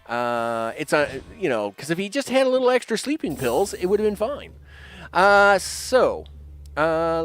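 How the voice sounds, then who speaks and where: A man's voice: on the high side, no room sound. A man giving casual let's-play commentary, chatty, humming and laughing to himself as he plays. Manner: chatty, hums and laughs to himself, many fillers. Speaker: game streamer.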